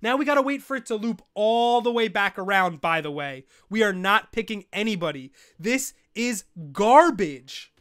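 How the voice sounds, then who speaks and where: Young man, show host, casual live chat, excitable, swearing, crisp tone. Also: high-pitched, brisk, few pauses, no echo, clean studio sound. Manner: excitable, swears, rants in frustration. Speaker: fantasy football show host. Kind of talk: live-streamed casual commentary.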